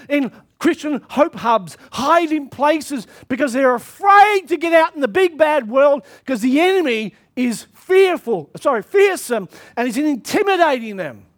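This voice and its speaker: A man preaching a sermon to his church, reading scripture and pushing into shouted calls to action. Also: very high voice, lively intonation, a little slow. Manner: impassioned preaching that swells into shouted exhortations.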